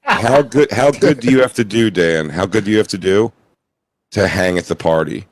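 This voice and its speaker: Laid-back man in his forties, low-pitched comedy co-host, dry joking. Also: normal speed. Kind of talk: casual comedy chat.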